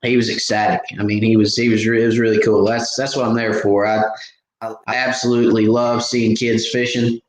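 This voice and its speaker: Folksy fishing host, roomy sound. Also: male voice, lowish voice, level tone, a little fast. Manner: rambling, folksy, lots of fillers and restarts. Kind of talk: casual live stream chat. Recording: echoey room with faint background noise.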